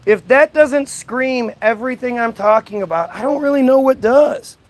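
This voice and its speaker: Fast, combative high-pitched man ranting. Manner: combative and mocking. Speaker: live streamer. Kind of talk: livestream rant, reading out and answering chat.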